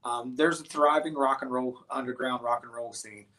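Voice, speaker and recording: A man's voice: mid-range voice, moderate pace. A man who plays in a band, guest on an interview show, telling stories casually with many restarts and fillers. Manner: rambling, animated storyteller with many restarts and fillers. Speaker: guest musician.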